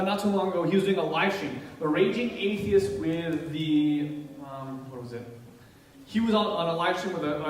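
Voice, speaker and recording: Guy preaching in church, animated storyteller, high voice, big echoey hall from far off. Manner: animated, playacts the people in his stories. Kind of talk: sermon with storytelling.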